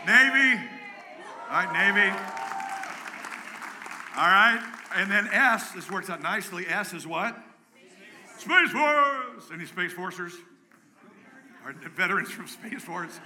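A man preaching a live sermon to his congregation, energetic and joking, rallying the room with calls and shouts. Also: on the high side, a little hiss or hum. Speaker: pastor. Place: church sanctuary with a congregation.

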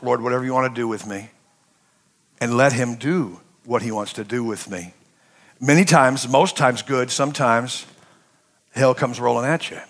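An American male pastor with a medium-pitched voice preaches a sermon that swings between impassioned shouting and quiet, hushed passages.

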